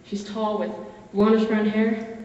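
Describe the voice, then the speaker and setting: A woman's voice: mid-range voice, flat delivery, measured pace, darkish tone. A young woman in her late teens giving a dramatic interpretation performance, narrating in the first person with earnest, emotional storytelling. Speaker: competitor. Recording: echoey hall from far off, dull.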